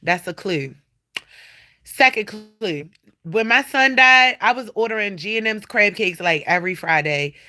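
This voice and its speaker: A woman talks to her livestream viewers from home in a bright, forceful voice. She is animated and blunt, swears freely and speaks right to the people watching. It is recorded on a phone. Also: mid-range voice, measured pace. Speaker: livestream host. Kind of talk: casual livestream chat. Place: at home indoors.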